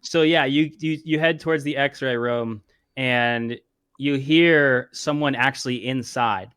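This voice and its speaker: A man's voice: medium pitch, steady tone, slow, fairly bright tone, smooth, no room sound. Guy running a tabletop game, loose and rambling, dry close mic. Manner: loose, filler-heavy narration. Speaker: game master.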